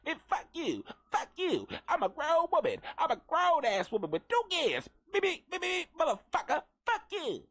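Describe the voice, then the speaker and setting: A tiny grown woman, furious and foul-mouthed, her voice squeaky and very high as she cusses back in indignation, as a man puts her on in a comedy skit. The delivery swoops wildly up and down. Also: huge pitch swings, moderate pace, few pauses, fairly bright tone, heavily acted.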